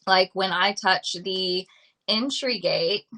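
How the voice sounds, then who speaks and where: Woman, dog trainer, live-stream Q&A, bright voice, patient and repetitive explainer. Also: mid-range voice, slow pace, low-quality recording. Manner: explains by repeating simple examples. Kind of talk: live-streamed talk answering viewer questions.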